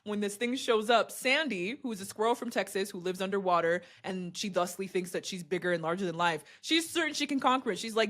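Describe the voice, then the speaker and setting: A young woman, a podcaster and video host, giving a casual motivational talk to camera, animated and laughing often, with big swoops in pitch. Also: brisk, few pauses.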